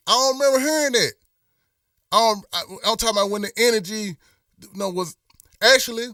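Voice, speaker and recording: A man's voice: a little high, pushed and bright, no echo, clean studio sound, distant mic. A middle-aged man hosts a live stream, talking in a rambling, impassioned way with many restarts. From Memphis. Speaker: host. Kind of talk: casual live-stream talk.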